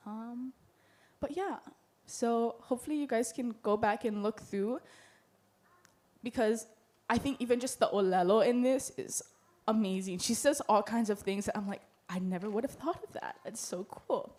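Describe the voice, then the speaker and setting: Young woman, Hawaiian accent, earnest heartfelt symposium talk, slightly high voice. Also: normal speed, a little mellow. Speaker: student presenter. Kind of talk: symposium presentation. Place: lecture hall.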